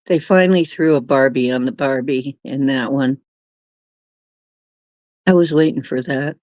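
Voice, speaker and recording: Slow, laughing woman streamer. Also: very deep voice, a little mellow, dry recording, lo-fi sound. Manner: giggly, laughs often while reading chat. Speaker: live stream host. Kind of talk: casual chat with live viewers.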